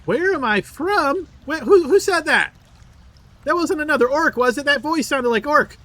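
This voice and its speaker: A boastful captive elf bard rattles on in a very high, piercing voice. He stammers and chatters with theatrical flair. The tone is bright and sharp throughout. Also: lively intonation, moderate pace, heavily acted. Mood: haughty. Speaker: game master. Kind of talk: tabletop role-play voice acting.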